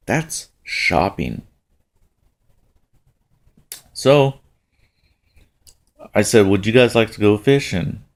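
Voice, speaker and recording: A middle-aged man telling a casual story about taking his kids fishing, with a relaxed delivery that jumps up in pitch for quoted lines. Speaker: father telling a family story.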